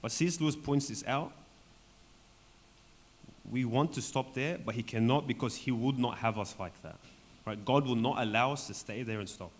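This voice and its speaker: Hoarse man leading a church Bible study. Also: medium pitch, moderate pace. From Australia. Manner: conversational, keeps asking "right?". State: voice going hoarse, clearing throat. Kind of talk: Bible study teaching to a group. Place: church hall with a group. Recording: long hall reverb, faint background noise.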